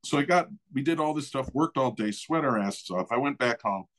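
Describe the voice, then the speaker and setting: A middle-aged man casually telling a story in conversation, animated and laughing often. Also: mid-range voice, brisk. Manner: animated, acts out others' voices, laughs often. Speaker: guest storyteller.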